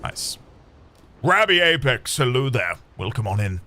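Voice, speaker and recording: Rambling casually through his gameplay with the occasional light swear, a male streamer speaks in a medium-pitched, sing-song voice that's bright and forceful and a little slow. Game music plays behind him, and there's a slight hiss or hum.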